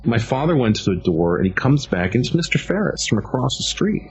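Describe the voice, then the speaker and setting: A middle-aged man giving a vivid, animated first-hand account as a witness, often restarting his sentences. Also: medium pitch, fast, hardly any pauses. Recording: dull lo-fi audio with faint music.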